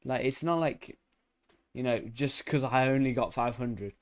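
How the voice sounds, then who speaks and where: Speaking at medium pitch and a little slowly, a man streams a racing game live and rambles to his viewers, often breaking off mid-thought. Every so often he erupts with loud, repeated "no, no."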